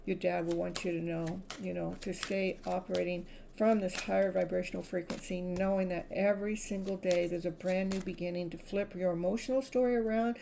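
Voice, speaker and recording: A woman's voice: lowish voice, steady tone, a little fast, vocal fry, hardly any pauses, dark tone, a little hiss or hum, low-quality recording. A woman from California giving a live-stream tarot reading, speaking in soothing spiritual affirmations and laughing often. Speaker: tarot reader.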